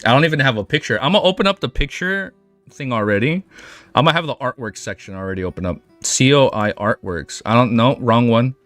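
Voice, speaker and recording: A man hosting a casual livestream, chatting in an excitable, rambling way and swearing freely. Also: medium pitch, fairly quick, no room sound. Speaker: livestream host. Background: faint background music.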